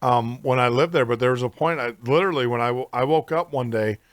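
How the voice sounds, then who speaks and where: A man's voice: mid-range voice, fast talker, dry recording. A man hosting a casual interview, rambling and thinking aloud as he talks. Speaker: podcast host.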